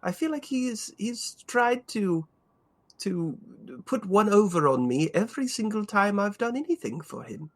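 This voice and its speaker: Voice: mid-range voice, animated, a little slow. A player voicing a flustered, chatty adventurer. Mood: eager.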